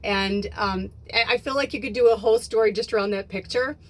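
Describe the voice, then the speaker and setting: A woman's voice: mid-range voice, a little fast. Chatty woman telling a story to her phone. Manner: chatty, swears freely, acts out quoted dialogue. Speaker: vlogger and spiritual medium. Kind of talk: casual storytelling vlog.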